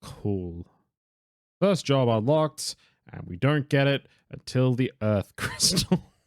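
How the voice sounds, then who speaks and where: A man's voice: medium pitch, sing-song, takes it slowly, dry recording, studio quality. A young man casually commenting on his own game stream, rambling, correcting himself, swearing and laughing now and then. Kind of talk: casual live gameplay commentary.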